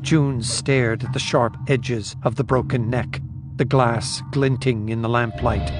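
A man narrating an audiobook in steady, measured scripted narration. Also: mid-range voice, music in the background.

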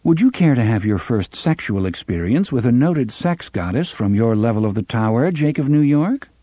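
A man's voice: medium pitch, very animated, moderate pace, dark tone, no echo. A man voicing a smug male train computer with a drawling, complacent manner.

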